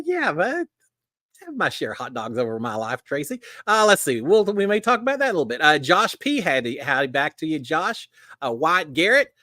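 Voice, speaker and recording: This live stream host is a middle-aged Texan whose high voice is captured in a dry recording. With his Texas drawl, he chats casually and animatedly with viewers, warmly greeting them and leaning on lots of fillers.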